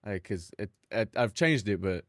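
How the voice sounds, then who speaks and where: A man's voice: on the low side, animated, normal speed, no echo, clean studio sound. A young man streaming live, rambling casually to his chat and himself, swearing freely.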